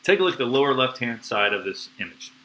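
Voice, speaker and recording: Excitable teacher, bright tone. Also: male voice, mid-range voice, quick pace, slight background noise, poor audio. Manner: excitable, slangy, playful sound effects. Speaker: biology teacher. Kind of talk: enthusiastic live-streamed lecture.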